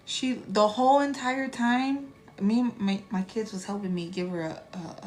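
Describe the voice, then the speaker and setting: A woman in her thirties chatting casually on a live stream as a spiritual reader, animated and profane, with laughing asides. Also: medium pitch, moderate pace, hardly any pauses.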